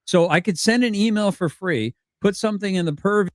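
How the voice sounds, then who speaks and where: A man's voice: high voice, fairly quick, dry recording, studio quality. A man in a heated argument, exasperated and pressing his point.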